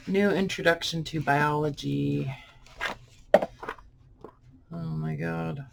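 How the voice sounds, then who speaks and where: A vlogger chatting casually and musing aloud in a soft, unhurried way while sorting through boxes at home. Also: medium pitch, steady tone. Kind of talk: casual unboxing chat. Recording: clear background noise.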